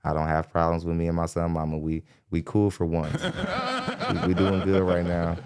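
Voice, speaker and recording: A fairly low-voiced young man rants into a studio mic as a podcast host, blunt and mocking. He scolds in a heated tone and often breaks into laughter between jabs. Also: monotone, a little fast, darkish tone, smooth. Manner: mimics others in high squeaky voices. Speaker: podcast host reacting to a dating show. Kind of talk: ranting reaction commentary.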